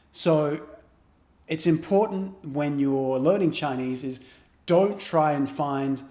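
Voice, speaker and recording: A man's voice: a little high, roomy sound. A man explaining a beginner language lesson, patiently repeating example phrases. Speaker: Chinese language teacher.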